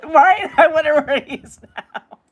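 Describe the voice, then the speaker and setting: A woman from New York reacting to videos with loud, blunt, profane exclamations. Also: sits high, a little slow. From United States, New York. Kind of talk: reaction commentary.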